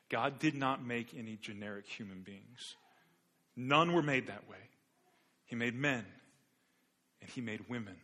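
A man's voice: medium pitch, bright, forceful tone. A man preaching a sermon as a pastor, telling an illustrative story in an earnest way with occasional repeated words.

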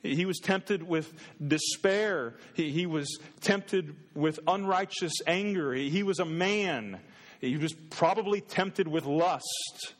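A man's voice: a little high, slow pace. A man preaching a sermon as a pastor, earnest and conversational, often restarting his words. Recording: long reverb in a hall.

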